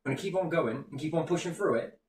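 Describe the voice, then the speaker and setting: A man's voice: fairly high pitch, fast talker, slight background noise. A British man talking in passionate, sweary rants during a casual chat. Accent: British English. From Britain. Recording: echoey room, distant mic, faint ambience.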